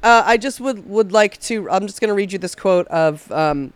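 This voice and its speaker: A woman's voice: medium pitch, normal speed, clean tone, no room sound. A woman co-hosting a podcast in casual chat, blunt, profane and fired-up. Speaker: podcast co-host.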